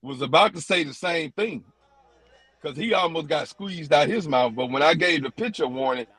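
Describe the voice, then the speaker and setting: A man's voice: a little high, animated, moderate pace, fairly bright tone, slightly rough, dry recording. A man, an umpire, recounting a tense game in a podcast interview, quoting exchanges word for word.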